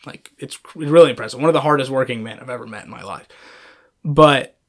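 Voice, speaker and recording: A young man casually telling stories about his coworkers, animated and full of fillers like "like" and "um.". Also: medium pitch, quick pace. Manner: animated storyteller, many fillers like "like" and "um". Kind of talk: casual storytelling chat.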